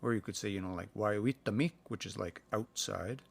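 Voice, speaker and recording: A man from Canada giving a casual livestream language lesson, thinking aloud and slowly sounding out words between fillers. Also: lowish voice, creaky, husky. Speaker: language learner sharing practice phrases. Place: indoors, livestream. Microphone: phone.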